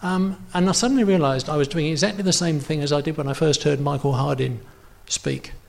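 A man's voice: a little high, fairly quick, gravelly, a little mellow. A man preaching a sermon to his congregation in a conversational, rambling way with many fillers and restarts, his nose running. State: runny nose. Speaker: pastor.

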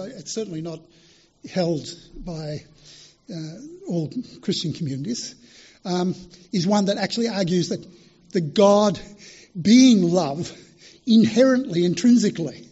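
A man's voice: sits high, mellow, breathy edge. A man speaking earnestly and emphatically, with frequent restarts, as he answers audience questions at a public talk. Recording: dull lo-fi recording.

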